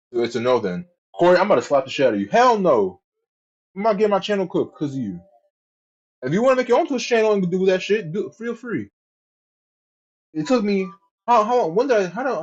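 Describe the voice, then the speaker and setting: A man's voice: on the high side, darkish tone. Blunt, swearing male streamer, muffled audio. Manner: blunt and profane, with stammered restarts. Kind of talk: casual livestream chat.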